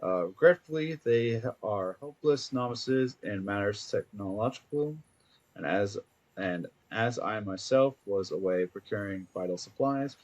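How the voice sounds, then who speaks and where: A grandiloquent game character, voiced by a man reading his letter aloud, speaking in lofty archaic phrasing and tripping over the long words. The voice sits fairly low. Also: lively intonation, unhurried. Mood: pompous. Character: pompous flowery-spoken married man.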